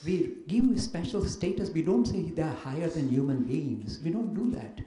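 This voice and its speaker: Animated man lecturing in an echoey room. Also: a little high, moderate pace. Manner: animated storyteller, mimics others in dialogue. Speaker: invited speaker answering questions. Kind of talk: lively lecture with acted anecdotes. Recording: echoey room with faint noise.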